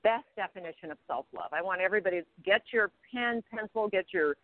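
A woman's voice: medium pitch, quick pace, no echo. A woman hosting an interview, encouraging and explaining ideas to her listeners. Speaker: host. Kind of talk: interview over the phone. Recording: dry tinny phone line.

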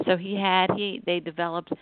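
A woman's voice: fairly low pitch, little pitch movement, normal speed, clean tone, no echo. A middle-aged woman telling a personal family story in a conversational way, acting out the people she quotes. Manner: warm, conversational, acts out quoted voices. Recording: tinny phone-like recording.

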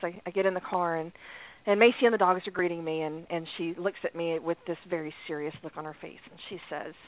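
A woman co-hosting a casual radio chat, telling stories with frequent laughs and restarts. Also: fairly low pitch. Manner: laughs often, storytelling with restarts. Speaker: podcast co-host. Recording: tinny phone-like audio.

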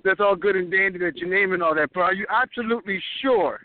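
A man's voice: sits high, fast, no echo. A man calling in by phone, trading smug, teasing wrestling-style trash talk. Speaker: caller. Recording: tinny phone line.

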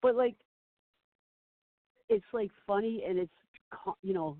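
Animated woman telling stories over a phone line. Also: medium pitch, unhurried, dry recording. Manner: animated storyteller, laughs often, acts out quotes. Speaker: guest. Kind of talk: casual phone-in chat. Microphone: phone call. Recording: tinny phone line, dry.

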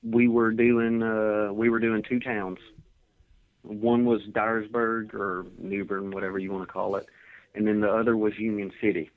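Guy on a crackly phone line, lowish voice, dry sound, just spinning wrestling stories in a relaxed way. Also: normal speed, dry recording. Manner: laid-back, rambling anecdotes. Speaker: professional wrestler guest. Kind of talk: casual interview storytelling.

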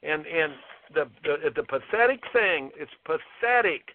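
A male tennis coach appearing as a guest speaks in a slightly high, expressive, unhurried voice, making his points with emphatic indignation and repetition in an impassioned interview. It comes over a tinny phone line with slight background noise.

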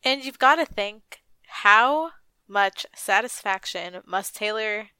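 A woman's voice: mid-range voice, lively intonation, slow pace, sharp tone, clean tone, dry recording, poor audio. A woman co-hosting a podcast, adding eager, knowing commentary. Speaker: podcast co-host. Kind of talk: casual chat.

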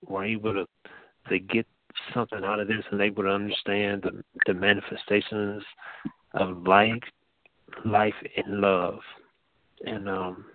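A soft-spoken man with a lowish voice gives an informal teaching, halting and restarting as he goes. He comes through a tinny phone line with a dry, close sound. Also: dry recording. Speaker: teacher and host.

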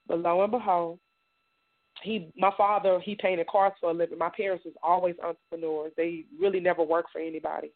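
A woman's voice: on the low side, level tone. Middle-aged woman from indiana telling her story on the radio, stops and repeats herself a lot, sounds like a phone line. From Indiana, United States. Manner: halting, repeats words, acts out others' lines. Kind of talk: personal testimony in a radio interview.

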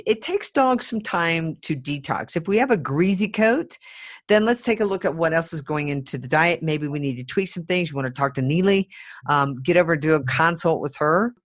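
A woman hosting a podcast in casual chat, giving brisk, emphatic advice. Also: low voice, a bit bright. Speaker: podcast host.

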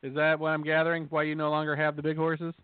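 A man's voice: a little high, monotone, fast, clean tone, no room sound. A man co-hosting a podcast, trading wry, sarcastic, profane stories. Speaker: podcast co-host. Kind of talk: casual chat. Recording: tinny dry phone-like audio.

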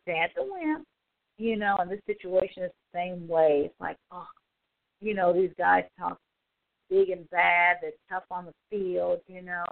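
A woman hosting a casual talk show, telling a story in an animated way and acting out the quotes, sounding exasperated. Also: fairly low pitch, gravelly, dry recording. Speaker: show host. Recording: phone-like dry audio.

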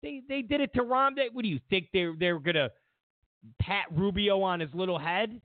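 A man's voice: high voice, fairly quick, no room sound. A man hosting a political commentary show, mocking and sarcastic, repeating lines for emphasis. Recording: tinny phone-like sound.

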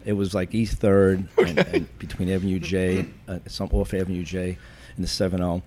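A retired police chief telling wry, deadpan stories from his career in an interview. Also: low-pitched, moderate pace. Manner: wry, deadpan anecdotes with cop jargon. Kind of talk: storytelling in a podcast interview.

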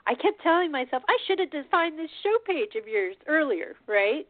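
A woman's voice: sits high, big pitch swings, moderate pace, dry recording. A woman in her fifties hosting a talk show, rambling and laughing at herself in casual conversation. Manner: rambling, laughing, self-deprecating. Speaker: radio show host. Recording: tinny phone line.

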